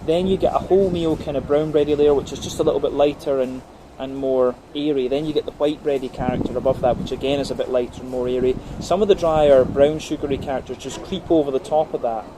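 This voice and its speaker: A man reviewing a beer on a brewery visit, walking through each flavour layer by layer in a relaxed, filler-heavy way. His voice sits in an ordinary middle pitch. A steady hum of background noise runs underneath. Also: quick pace. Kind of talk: casual tasting review.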